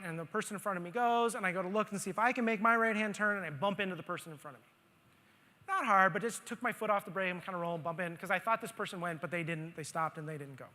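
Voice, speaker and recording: A man speaking at a conference, telling a story from his own life in an animated way and acting out his own grumbling. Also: sits high. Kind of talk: storytelling talk on stage. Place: conference hall stage. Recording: long hall reverb.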